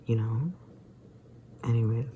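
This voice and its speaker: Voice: mid-range voice, steady tone, slow, mellow, slight background noise, poor audio. A young adult vlogger who feels sick, rambling hesitantly and often slipping into a whisper. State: feeling sick and tired. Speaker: daily vlogger. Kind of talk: rambling personal vlog.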